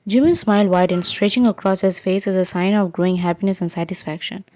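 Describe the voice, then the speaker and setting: Mellow woman reading a story. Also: mid-range voice, fast talker, dry recording. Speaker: story narrator. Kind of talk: second-person fan fiction reading.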